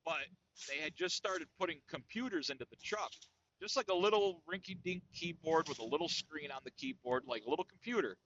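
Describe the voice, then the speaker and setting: A man's voice: a little high, lively intonation, brisk, fairly bright tone, muffled recording, slight background noise. A man from New York telling a comic story on a podcast, profane and saying "dude" after nearly every phrase. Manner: profane, says "dude" constantly. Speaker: podcast co-host. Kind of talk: casual comedic storytelling.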